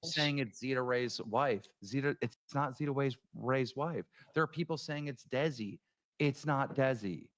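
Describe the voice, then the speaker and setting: A man's voice: medium pitch, a little slow. A man chatting casually on a commentary show, often hesitant and searching for words. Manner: hesitant, many fillers and restarts.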